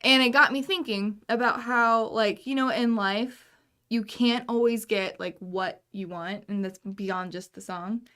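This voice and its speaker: A woman's voice: fairly high pitch, steady tone, unhurried, sharp tone. A young woman co-hosting a casual live stream from a small studio, chatting in a rambling way with self-deprecating jokes. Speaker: co-host.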